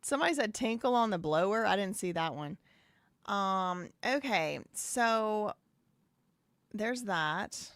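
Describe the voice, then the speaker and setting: A woman's voice: mid-range voice, lively intonation, slow, dry recording. A woman hosting a live stream, chatting casually, laughing and repeating phrases as she goes. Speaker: live show host.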